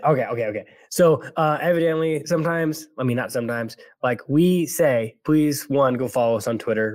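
A young man from California with a General American accent, co-hosting a casual podcast and rambling with quick restarts. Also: medium pitch, darkish tone, no echo. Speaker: podcast co-host.

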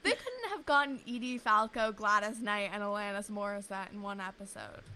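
A woman's voice: medium pitch, fairly quick, bright, forceful tone, low-quality recording. A young woman co-hosting a podcast in casual chat, playful and teasing, rambling as she talks. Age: young adult. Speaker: podcast co-host.

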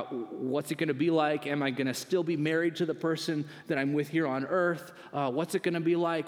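Giovane pastore in sala riverberante. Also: male voice, a little high. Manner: conversational, self-deprecating storytelling. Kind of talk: sermon. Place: church hall. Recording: long reverb of a large hall.

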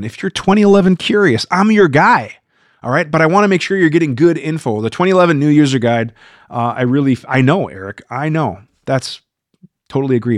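A man's voice: on the high side, dry recording, studio quality. A man hosting a live viewer Q&A stream, talking casually and getting worked up as he rambles. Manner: animated, gets worked up and rambles.

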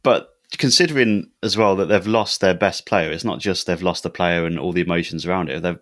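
A man, co-hosting a casual football podcast in a relaxed, halting way. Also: deep voice. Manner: relaxed, lots of fillers and repeats. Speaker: podcast co-host.

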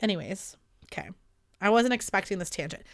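A woman in her twenties telling a rambling, animated story in a casual monologue, swearing freely. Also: medium pitch, brisk, vocal fry. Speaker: podcast host.

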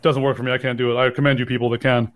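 A man's voice: medium pitch, little pitch movement, rapid-fire, fairly bright tone. A sleep-deprived man co-hosting a podcast in casual chat, rambling and mocking himself with frequent laughs. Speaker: podcast co-host.

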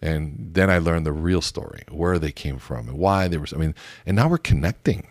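Male communication coach with a very low voice and a dry, close sound, who teaches through animated stories. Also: moderate pace, no room sound. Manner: lively storytelling, acts out both sides of conversations. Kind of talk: teaching talk with acted-out examples.

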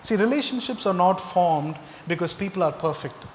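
A man with a slightly high voice preaches a sermon, putting emphatic rhetorical questions to his listeners. His voice rings out with a long reverb, as if he is in a large hall. Faint noise sits underneath the speech. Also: animated, normal speed. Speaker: pastor.

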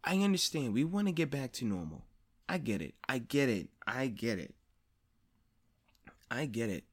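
A man hosting a podcast, talking in a personal monologue, blunt and profane, repeating phrases for emphasis and rising louder and higher as he presses a point. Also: sing-song, normal speed. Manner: grows louder and higher when stressing a point. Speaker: podcast host.

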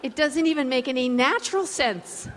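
Animated woman preaching in a big hall. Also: high voice, moderate pace. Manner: conversational, animated, many fillers. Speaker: preacher, guest speaker. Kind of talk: sermon with storytelling. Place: large event hall.

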